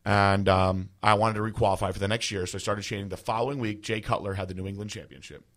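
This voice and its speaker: Low-voiced man telling a rambling story. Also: fairly even intonation, fast, fairly bright tone. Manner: rambling, filler-heavy, emotional storytelling. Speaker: podcast host. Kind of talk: casual storytelling.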